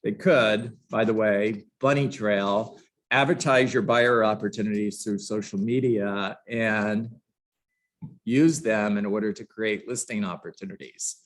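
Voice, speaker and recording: A man's voice: on the low side, steady tone, unhurried. Guy in his own voice hyping a room of agents thru a book lesson, super passionate, kinda sarcastic. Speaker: real estate trainer. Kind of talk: energetic live book-study lesson. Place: room with a live audience.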